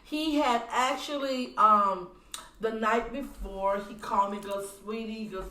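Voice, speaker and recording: A woman guest on a podcast telling a personal story in an earnest, animated way and speaking of her faith. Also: fairly high pitch, unhurried. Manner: animated, acts out voices in quoted dialogue. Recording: roomy sound from a distant mic.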